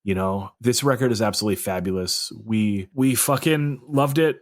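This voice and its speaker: A man with a somewhat low voice hosting a music podcast. He talks casually and enthusiastically, swearing now and then and leaning on fillers. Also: moderate pace. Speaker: podcast host. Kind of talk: casual chat.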